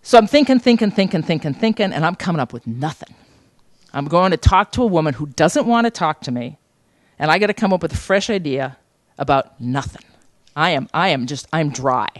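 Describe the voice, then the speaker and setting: A woman teaching a journalism seminar, telling an anecdote in an animated, conversational way and acting out the quotes. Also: low-pitched, brisk, no room sound. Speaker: journalism instructor.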